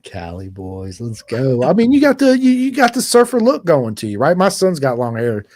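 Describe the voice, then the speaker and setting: Animated Virginian man hosting a podcast. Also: mid-range voice, moderate pace, slight background noise. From Roanoke, Virginia. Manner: animated storyteller who acts out voices. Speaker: podcast host. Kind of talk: casual interview chat.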